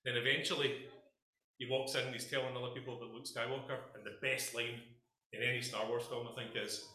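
A man's voice: medium pitch, little pitch movement, a little fast, bright, forceful tone. A Scottish man preaching a passionate sermon to his congregation in a church hall, speaking emphatically and addressing them directly. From Scotland. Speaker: pastor.

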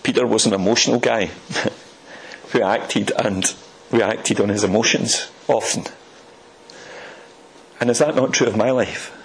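A man's voice: fairly low pitch, a little slow, pauses often, breathy edge, rough recording. A man from Scotland with a Scottish accent, preaching a sermon with rhetorical questions and folksy asides.

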